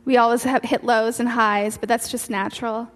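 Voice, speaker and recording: A woman's voice: on the high side, level tone, moderate pace. A woman preacher delivering an earnest sermon, repeating key phrases for emphasis. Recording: long hall reverb with faint music.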